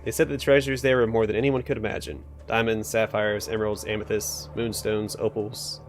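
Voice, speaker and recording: A boastful militiaman from a role-playing game, voiced by a man, speaking in a plain, self-assured way. His voice is on the low side, with faint music underneath. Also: flat delivery, fairly quick, natural voice. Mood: proud. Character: proud male city militiaman officer.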